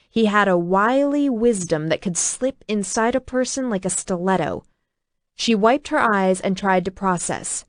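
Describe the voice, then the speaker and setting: A woman narrating an audiobook with a steady, even reading. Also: mid-range voice, unhurried, dry recording, clean studio sound. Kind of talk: scripted narration.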